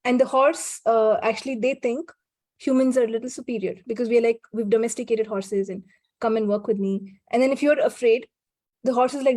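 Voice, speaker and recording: Mellow-voiced woman talking reflectively. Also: fairly high pitch, steady tone, fairly quick, no echo. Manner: reflective, frequent restarts and soft laughs. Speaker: guest. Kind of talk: casual conversation.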